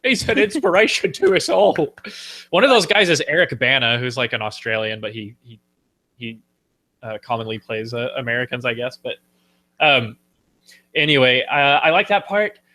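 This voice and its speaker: A man hosting a casual podcast chat, playful and animated, slipping into quick silly voices from films. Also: mid-range voice. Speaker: podcast host.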